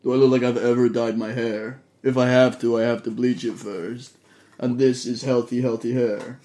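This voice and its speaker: A man's voice: medium pitch, little pitch movement, moderate pace, dark tone. A man playing a tabletop game, talking bluntly and sarcastically in character, with swearing. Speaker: player. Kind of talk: casual in-character banter.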